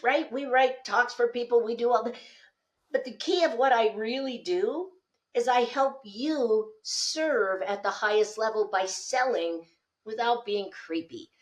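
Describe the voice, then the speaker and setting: A woman with a fairly high voice guesting on a podcast as a speaking coach. She tells lively stories and acts out the dialogue as she goes. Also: a little slow. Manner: animated storyteller, acts out quoted dialogue.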